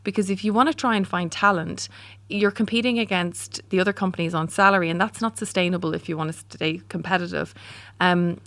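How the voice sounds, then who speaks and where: A woman's voice: fairly low pitch, fairly even intonation, brisk, few pauses, fairly bright tone, dry recording. A woman in her forties with an Irish accent, a startup founder answering interview questions candidly, with frequent ums and restarts. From Ireland.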